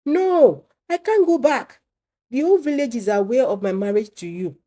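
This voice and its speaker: A woman's voice: on the low side, expressive, moderate pace, warm tone. A woman voicing a scheming, dramatic young woman in a storybook tale. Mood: wailing. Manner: casual, then wailing and exaggerated. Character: scheming young would-be second wife, dramatic.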